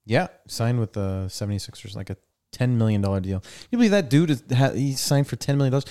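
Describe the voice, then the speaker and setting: This young man speaks fast in a mid-range voice while hosting a podcast through a studio mic. Chatting loosely, he plays out the people in his anecdotes with lively, animated delivery.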